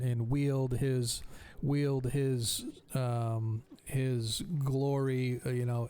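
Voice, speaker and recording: A man's voice: mid-range voice, warm tone, clean tone. A man narrating a tabletop game as game master, rambling with many fillers.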